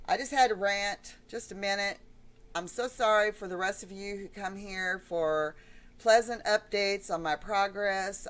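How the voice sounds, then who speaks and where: Woman vlogger, middle-aged, emotional rant, blunt and rambling. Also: fairly low pitch. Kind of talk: ranting vlog monologue.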